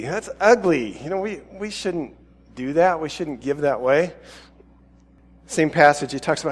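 A man's voice: a little high, normal speed, pauses often, big-room sound. A man preaching a sermon in a casual, chatty and self-deprecating way.

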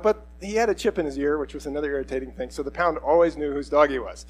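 A middle-aged man pastor preaches in a relaxed, conversational way, slipping into quoted voices as he tells a personal story. His voice sits a little high for a man. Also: fast, hardly any pauses, low-quality recording.

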